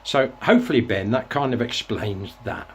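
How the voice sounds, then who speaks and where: A man in his sixties hosts his own show, reminiscing in a loose, rambling monologue that keeps restarting as he reflects. His mid-range voice moves at a moderate pace over slight background noise.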